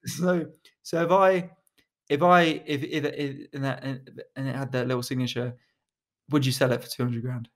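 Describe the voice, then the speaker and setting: Joking podcast host. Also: male voice, mid-range voice, steady tone, normal speed. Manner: joking, swearing, acts out quotes. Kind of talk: casual chat.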